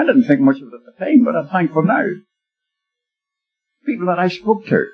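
An older man preaches with earnest urgency, his husky voice rising and falling in lively swings. He urges his listeners and weaves in homely anecdotes. The sound is dull and lo-fi, like an old tape, with faint music somewhere behind. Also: on the high side, fairly quick, long pauses. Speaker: lay preacher. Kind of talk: sermon.

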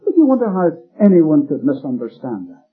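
Very husky male preacher, lively pitch. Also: a little fast. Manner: emphatic, repeats key phrases, rising stress. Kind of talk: expository sermon. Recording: phone-like lo-fi recording with faint music.

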